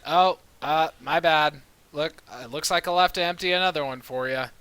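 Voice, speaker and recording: A man's voice: a little high, moderate pace, sharp tone, smooth. A man voicing a drunk, careless adventurer who mumbles and trails off. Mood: sheepish.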